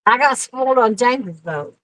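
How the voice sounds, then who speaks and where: A woman's voice: a little high, animated, normal speed, a bit bright, dry recording, rough recording. A woman, hosting a fishing livestream from a boat, chatting casually and laughing often as she greets viewers by name.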